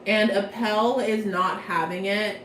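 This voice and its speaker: A woman's voice: medium pitch, steady tone, slow pace, a bit bright, reverberant, slight background noise, low-quality recording. A young woman giving a casual plot recap from memory, chatty and slangy, rambling playfully. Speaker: vlogger.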